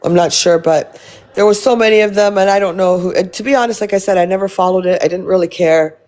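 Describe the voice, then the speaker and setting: A woman's voice: mid-range voice, fast talker, a little mellow. A woman live-streaming, chatting casually with her viewers and reading their comments, blunt and rambling, swearing freely.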